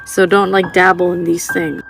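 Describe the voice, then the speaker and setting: A woman's voice: on the low side, level tone, moderate pace, vocal fry, music in the background. A woman giving blunt, casual warnings to camera, swearing and repeating herself.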